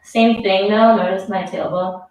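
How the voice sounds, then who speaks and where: Her mid-range voice is darkish, fairly even in intonation, and a little slow as she teaches yoga. She gives easygoing, encouraging instructions and counts breaths down while audibly winded. It's captured from a far-off mic in a very reverberant room.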